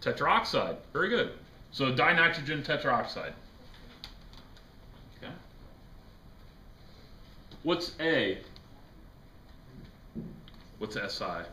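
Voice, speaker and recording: Casual male chemistry teacher, bright voice. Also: mid-range voice, sing-song, slow pace, pauses often. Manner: casual, jokey, quizzes the class. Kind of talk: classroom lecture. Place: classroom. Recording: echoey classroom with faint noise.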